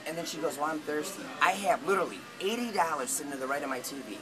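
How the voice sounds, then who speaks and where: A man's voice: on the high side, lively intonation, very fast, over music, low-quality recording. Rambling, profane man telling a story. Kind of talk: casual storytelling.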